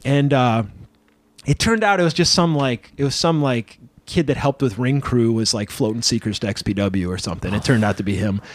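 A man tells stories from his wrestling days as an interview guest. He rambles in a lively, casual way and keeps dropping "like" and "you know". His mid-range voice is recorded dry and close to the mic. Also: medium pitch, a little fast, no echo.

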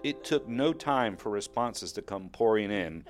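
Low-voiced man telling a wry personal story. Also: animated, a little slow, music in the background. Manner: wry, mocking asides.

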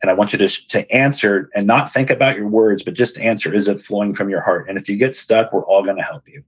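Brief: lowish, husky male host, earnest storyteller, dull dry recording. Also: quick pace, dry recording. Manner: earnest, animated retelling with quoted dialogue. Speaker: podcast host and speaker. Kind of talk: personal storytelling.

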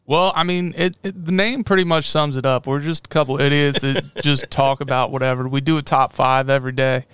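A man in his thirties, a podcast guest who talks bluntly and crudely in a deadpan way. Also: mid-range voice, brisk, clean tone, no echo. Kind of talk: casual podcast chat.

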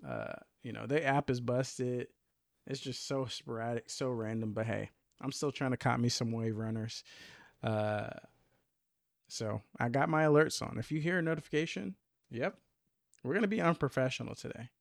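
Podcast co-host, male, gravelly voice, dry close sound, laid-back and rambling. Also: medium pitch, lively intonation, moderate pace, no echo. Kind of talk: casual chat.

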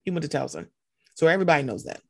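A young woman co-hosting a podcast, chatting casually and animatedly, often jumping into excited quoted voices. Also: rapid-fire, gravelly, slightly rough, no echo. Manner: animated, jumps into high excited voices when quoting. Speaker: podcast co-host. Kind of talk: casual chat.

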